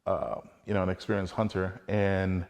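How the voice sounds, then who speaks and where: A man's voice: low voice, little pitch movement, moderate pace, vocal fry, darkish tone, big-room sound. A man earnestly telling a personal hunting story in a casual, conversational way, acting out bits of dialogue as he goes.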